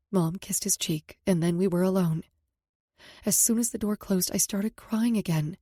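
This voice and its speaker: A woman narrating a first-person romance audiobook in a steady, intimate way. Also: medium pitch, normal speed, breathy edge, no room sound, clean studio sound.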